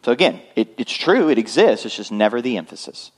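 A man's voice: medium pitch, very animated, brisk, slightly rough. Guy preaching a sunday sermon, chatty, keeps asking the room if they're with him. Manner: conversational, checks in with the congregation often. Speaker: pastor. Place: church.

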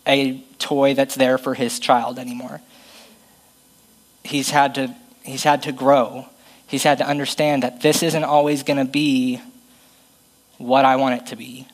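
A man's voice: a little high, poor audio. A man preaching a conversational, self-deprecating sermon and reading Bible passages aloud.

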